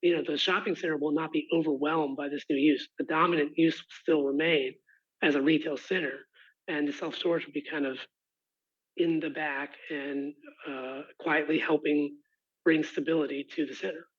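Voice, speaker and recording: A man who has lost his voice, answering residents' questions at a meeting in a halting, apologetic way with many restarts. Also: on the high side, steady tone. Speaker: rezoning applicant's representative. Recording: muffled lo-fi online call audio.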